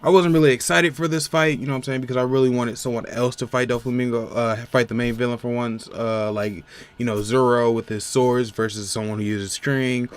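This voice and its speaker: A man's voice: medium pitch, fairly even intonation, a little fast, smooth. A man giving a casual, rambling recap of a comic chapter, full of fillers and restarts. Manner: rambling, many fillers like "you know what I'm saying". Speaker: manga reviewer.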